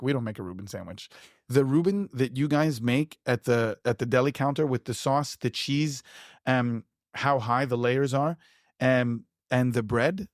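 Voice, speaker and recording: Here a man of medium pitch, heard in a studio-quality recording without echo, chats with enthusiasm as a pitmaster and producer in a casual conversational interview, full of fillers and restarts as he rambles.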